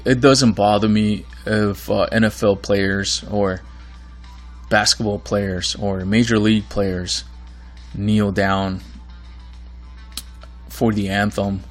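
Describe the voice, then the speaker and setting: A man hosting his own podcast in a casual monologue, earnest and rambling, with a voice going hoarse. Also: fairly low pitch. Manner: rambling, earnest, many fillers and restarts. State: losing his voice. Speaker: podcast host.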